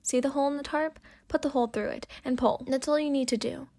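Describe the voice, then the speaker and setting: Aloof, clipped teen boy read by a woman in a soft whispered role-play, curt and dismissive, slightly high. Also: fairly even intonation, quick pace, creaky, no echo.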